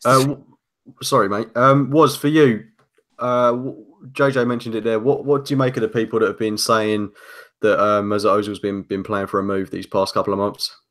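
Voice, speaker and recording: A man's voice: on the low side, steady tone, moderate pace, fairly bright tone. A man hosting a casual football chat, upbeat as he steers topics, with frequent ums. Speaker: podcast host.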